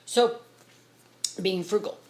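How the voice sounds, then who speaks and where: A middle-aged woman telling a rambling story to her vlog audience, talking fast and excitedly. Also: medium pitch. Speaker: vlogger. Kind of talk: casual storytelling to camera.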